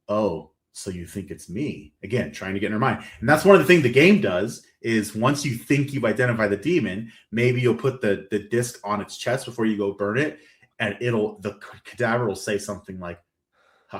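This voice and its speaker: A man hosting a podcast, retelling a horror movie's plot in a rambling, animated way with lots of quoted lines. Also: lowish voice. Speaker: podcast host.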